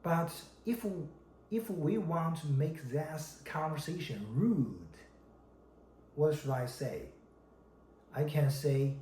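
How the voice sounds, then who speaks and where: A man from China, a Mandarin speaker, teaching a language lesson, slow and deliberate, repeating each example word. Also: a little high, animated, warm tone. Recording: echoey room with faint background noise.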